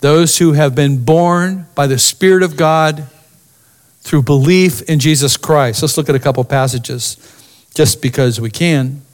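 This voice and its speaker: Man preaching an expressive sermon. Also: a little high, a little slow. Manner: expressive preaching, drops to near-whisper for emphasis. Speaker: pastor.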